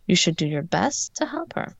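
A gentle, earnest schoolboy who talks in a calm, soothing way, as read by a woman. Her voice is low with a gravelly edge, in a dry, dull-sounding recording. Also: moderate pace, dry recording, heavily acted.

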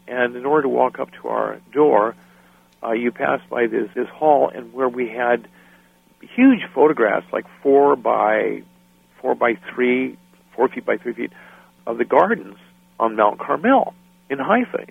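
A middle-aged American man, a musician and guest, telling lively anecdotes and acting out the people in them, often laughing. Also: medium pitch, creaky, breathy edge, no echo. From United States. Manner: animated anecdotes, acts out quoted voices. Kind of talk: storytelling interview. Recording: dry phone-line sound.

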